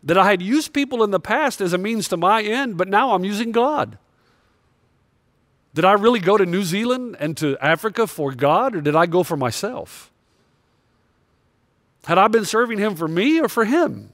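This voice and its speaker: A male pastor preaching a sermon, telling a personal story in a confessional way, swinging between loud emphasis and quiet moments. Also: sits high, expressive, moderate pace, pauses often, no echo, clean studio sound.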